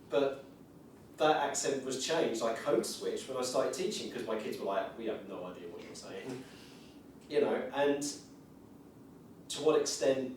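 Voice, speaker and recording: A man's voice: medium pitch, a little hiss or hum. A man presenting at a conference session, thinking aloud about voice and identity with frequent fillers and restarts. He is originally from South Essex and North London. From South Essex and North London, England. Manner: thoughtful, musing, with many fillers and restarts. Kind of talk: reflective conference talk. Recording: very echoey room from a distance, faint ambience.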